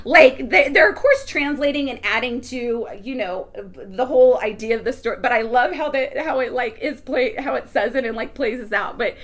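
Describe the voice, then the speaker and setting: A woman with a high voice leads an animated Bible teaching. She is excitable, breaks into laughter and often restarts her sentences mid-thought. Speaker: preacher.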